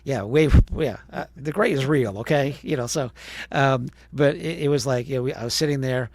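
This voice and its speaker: Telling stories on a podcast, this Wisconsin man in his fifties, once a radio DJ, chats away and mimics the voices of those he quotes. He talks at normal speed in a mid-range voice, and there is no echo.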